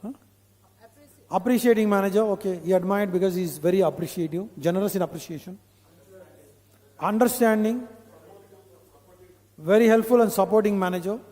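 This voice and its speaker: A man's voice: sits high, moderate pace, pauses often, dark tone. A man with an Indian English accent leading a corporate training session, talking in a conversational way, repeating his points and checking in with the audience. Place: training hall. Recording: long hall reverb.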